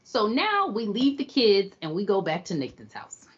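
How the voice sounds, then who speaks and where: With a mid-range, slightly rough voice whose pitch swoops wildly, a female podcast co-host talks at a moderate pace over lo-fi audio. She playfully teases her way through a casual episode recap, doing voices for the characters she quotes.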